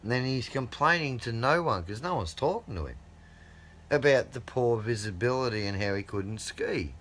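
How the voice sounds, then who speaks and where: A man's voice: medium pitch, animated, moderate pace, fairly bright tone, a little hiss or hum. A middle-aged man, telling a rambling, profane anecdote in a casual way. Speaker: storyteller.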